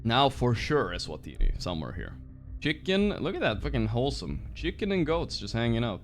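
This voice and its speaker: A man streaming a game, chatting casually with his viewers, swearing freely and reacting out loud. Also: medium pitch, wildly swooping pitch, brisk, faint music behind. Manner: swears freely, reacts loudly, talks to chat. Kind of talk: casual livestream chat while gaming.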